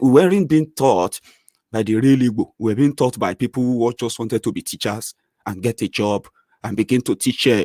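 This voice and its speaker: A Nigerian man with a Yoruba accent, hosting a casual commentary vlog in an animated, chatty way. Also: fairly low pitch, dry recording, studio quality. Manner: animated, chatty, many fillers, lively rising swings. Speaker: channel host.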